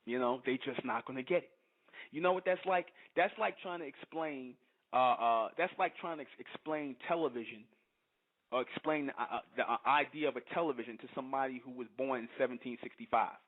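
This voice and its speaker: A man's voice: mid-range voice, a little fast. A man hosts a call-in broadcast in a blunt, emphatic way, hammering his points with repeated phrases. His voice sits in the middle range. The audio is tinny and narrow, like a phone line. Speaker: call-in show host.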